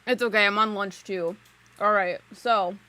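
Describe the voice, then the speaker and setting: A woman giving a psychic reading on a live stream from her desk at home. She rambles in a loose, giggly way and fills her sentences with casual filler words. Her voice sits in a middle pitch. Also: fairly even intonation, unhurried, sharp tone. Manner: chatty, giggly, lots of "like" fillers. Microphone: desk mic on a live stream.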